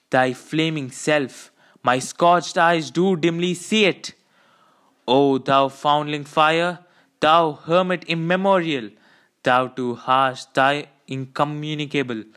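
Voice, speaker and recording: A man voicing an old, proud and defiant sea captain who declaims in grand archaic speech, slow and raised. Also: mid-range voice, a bit bright, smooth.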